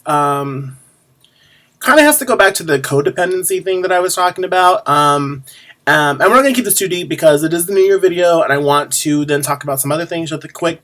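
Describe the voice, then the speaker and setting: A man talks straight to camera as a drag performer's video diary, rambling with frequent pauses and restarts. His voice sits a bit high, and he lands his asides with a sassy edge. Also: fairly bright tone. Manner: rambling, lots of ums and restarts; sassy, chatty. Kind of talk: casual chat to camera.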